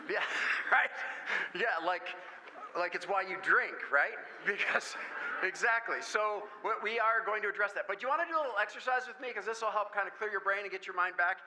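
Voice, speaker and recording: Bright-voiced man giving a lively talk. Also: high-pitched, normal speed, rough recording. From Michigan, USA. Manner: jokey, animated storyteller. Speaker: guest speaker at a parent meeting. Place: school meeting room.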